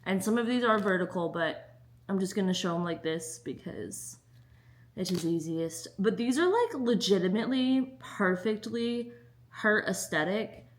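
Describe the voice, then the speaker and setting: A woman's voice: medium pitch, lively intonation, unhurried. A young woman chatting casually in a book vlog, bubbly and giggly. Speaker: book vlogger.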